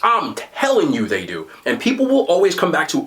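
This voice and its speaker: Animated storyteller man, New Jersey accent. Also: brisk. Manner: animated storyteller, excited jumps in pitch. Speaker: podcast host. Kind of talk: casual chat.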